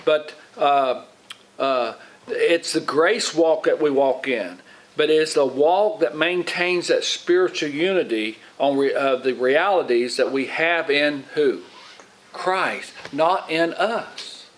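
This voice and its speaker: A man's voice: fairly high pitch, takes it slowly, poor audio. A middle-aged man giving an informal Bible teaching in a rambling way, with restarts and repeated words, often acting out what other people say. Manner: rambling, repeats and restarts, acts out quoted voices. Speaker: lay preacher, Bible teacher. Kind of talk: informal sermon.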